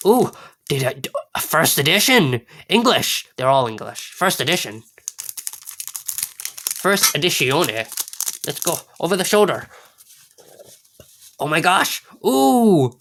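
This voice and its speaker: Excitable woman opening packs, voice jumping all over, faint crinkly wrappers behind. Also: deep voice, slow pace, long pauses, a little hiss or hum. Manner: giddy, squealing, rambling to herself. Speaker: card pack opener. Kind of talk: excited unboxing vlog.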